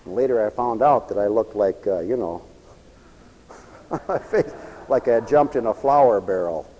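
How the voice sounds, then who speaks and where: A man preaching a sermon, telling stories and acting out the lines of the people in them, dropping to a hush and then building to fervent cries. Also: on the low side, normal speed, lo-fi sound, slight background noise. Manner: storytelling with acted-out quoted dialogue, swinging from hushed to fervent cries. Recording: long echoey hall reverb.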